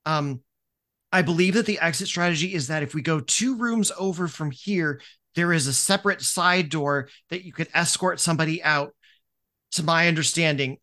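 A man's voice: on the high side, bright, forceful tone, pitched above the performer's own voice. A man voicing a meek, nervous young male fraternity vice president who stammers and apologizes, in a tabletop game.

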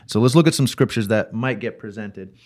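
A man's voice: on the low side, a little fast, darkish tone. A man co-hosting a podcast, casually discussing theology and reading Bible passages aloud with many fillers. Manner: explains patiently, reads scripture aloud, many fillers. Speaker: podcast co-host.

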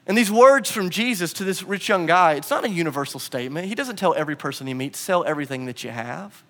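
Animated high-voiced male preacher. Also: quick pace, long reverb tail. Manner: animated storytelling, acts out quotes. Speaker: pastor. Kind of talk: sermon.

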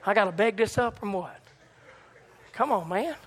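A man preaching an impassioned sermon, swinging from shouts to hushed tones. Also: expressive, moderate pace. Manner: impassioned, rising to shouts and dropping low. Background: church organ chords.

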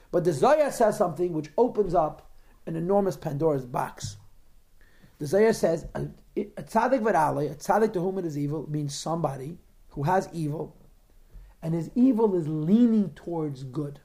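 A man's voice: on the high side, animated, normal speed, dark tone. A man teaching a class on a religious text, posing rhetorical questions to his students and answering their remarks. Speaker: Torah teacher.

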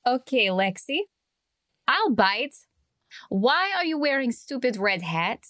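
A woman's voice: on the high side, very animated, slow pace, fairly bright tone, no echo, exaggerated voice. An actress playing a dry, skeptical woman who speaks broken English, dropping articles. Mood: sarcastic. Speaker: comedy sketch character. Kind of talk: comedic sketch acting.

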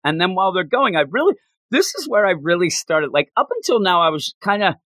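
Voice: mid-range voice, big pitch swings, fairly quick, fairly bright tone, no echo. A podcast host chatting casually about an anime episode, retelling scenes with laughter and acting out the characters' lines. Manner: laughs often while talking. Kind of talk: casual chat.

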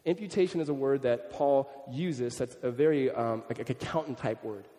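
A man preaching a sermon as a pastor, animated and conversational, often restarting his sentences. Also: mid-range voice, moderate pace, long reverb tail.

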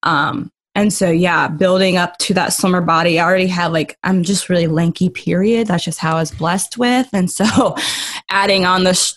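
Animated young woman telling a story. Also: on the low side. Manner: animated storyteller, acts out quotes. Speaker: guest, masters swimmer. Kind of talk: casual storytelling interview.

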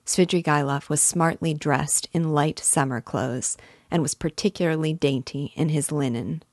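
A woman reading a novel aloud as the host, with measured, clear storytelling. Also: deep voice, a little mellow, no echo, clean studio sound. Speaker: reader.

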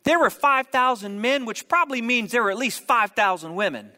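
A man preaching a sermon, telling a story with humorous asides and quick jokes. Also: very high voice, expressive, pushed and bright, long reverb tail. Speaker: pastor.

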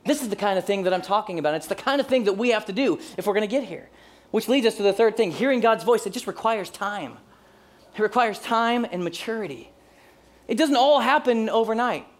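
A male pastor in his forties giving a sermon in a relaxed, conversational way. He keeps things light with humor and acts out small everyday scenes as he goes. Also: high voice.

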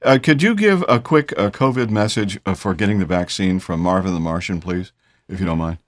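Podcast host guy, lowish voice, friendly rambly, dry close sound. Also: fairly quick, dry recording. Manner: genial, stumbling over words, chatty. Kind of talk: casual podcast interview.

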